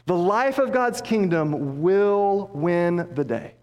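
A man preaching a sermon as pastor, passionate, dropping low and soft for emphasis. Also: lively intonation, slow pace, hardly any pauses. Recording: long hall reverb.

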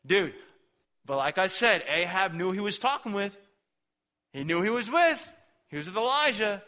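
Young male preacher, high bright voice, relaxed slangy sermon storytelling. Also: moderate pace.

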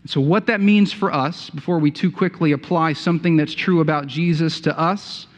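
A man's voice: fairly high pitch, moderate pace. Man preaching in a reverberant hall. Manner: earnest, repeats words while thinking, rises with emphasis. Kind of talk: sermon. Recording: dull sound with long hall reverb.

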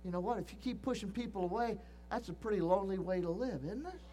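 A man's voice: sits high, brisk, darkish tone. A middle-aged man preaching a sermon, earnest and emphatic, often restarting phrases and repeating key points. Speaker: pastor.

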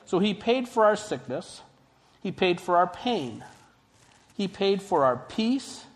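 A man preaching a sermon in a conversational style, building to emphatic points and dropping to quiet, hushed lines. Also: on the high side. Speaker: pastor.

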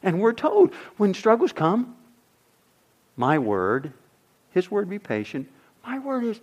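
A middle-aged man preaching a sermon as pastor, swinging from loud emphasis to near-whispers. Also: high-pitched, huge pitch swings, takes it slowly, pauses often, slight background noise.

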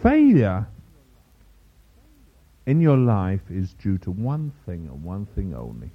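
A man preaching a sermon to a congregation, lively and teasing, mimicking other preachers' voices for humor. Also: sits low, slow, slightly rough. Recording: dull lo-fi sermon recording.

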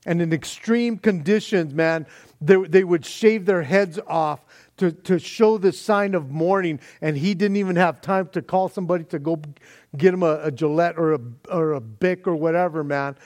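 Folksy guy preaching a sermon, slightly high voice, keeps saying man, talks like chatting. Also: darkish tone. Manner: folksy, conversational, says "man" often; explains word meanings in long lists. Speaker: pastor.

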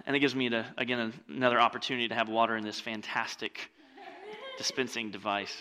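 Bright-voiced joking male pastor. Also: medium pitch, brisk. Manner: conversational, joking asides; swings from loud and lively to quiet. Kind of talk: sermon.

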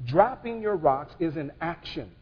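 A man's voice: fairly high pitch, lively intonation, unhurried, breathy edge. A man preaching a sermon in a call-and-response way, building to emphatic bursts. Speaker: pastor. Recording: dull sound with long hall reverb.

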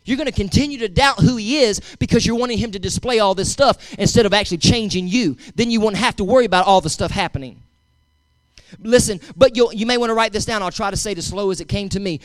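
A man's voice: sits high, quick pace, no room sound. A male pastor preaching a sermon, emphatic and repetitive, talking straight to his congregation.

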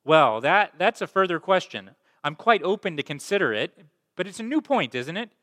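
A preacher putting on a panicky, squealing ghost. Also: male voice, high-pitched, big pitch swings, moderate pace, fairly bright tone, in a large hall, voice pushed up. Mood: panicked. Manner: pleading, flustered, rising to a yelp. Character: frantic timid male ghost clinging to his lizard.

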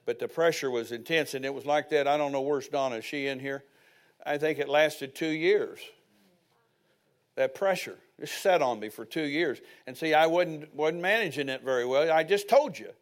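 A man's voice: fairly high pitch, moderate pace. An older man preaching a sermon as pastor, telling personal stories with folksy asides.

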